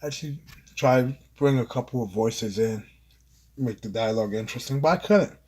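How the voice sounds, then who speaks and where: Husky man reading his own story. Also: medium pitch, normal speed. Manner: expressive, earnest. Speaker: author and narrator. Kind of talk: amateur audiobook reading.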